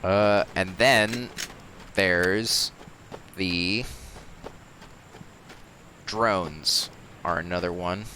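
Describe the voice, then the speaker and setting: A man with a lowish voice gives loose, rambling commentary as he plays a video game. He swears casually and wanders between thoughts. Steady game noise runs behind his voice. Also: drawn-out words, long pauses. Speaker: let's play host.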